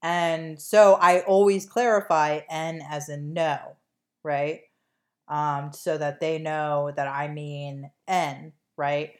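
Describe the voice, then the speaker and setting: A woman's voice: deep voice, flat delivery, slow pace. A woman with a non-native English accent co-hosting a podcast in casual chat, rambling with lots of fillers and dry jokes. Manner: rambling, filler-heavy, joking. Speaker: podcast co-host.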